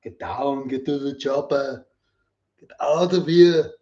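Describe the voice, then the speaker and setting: A man doing an impression of a gruff male action-movie hero who barks short commands in a put-on accent, on a dull lo-fi live stream. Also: a little high, big pitch swings, very slow, dark tone, roomy sound, distant mic, full character voice. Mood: barking.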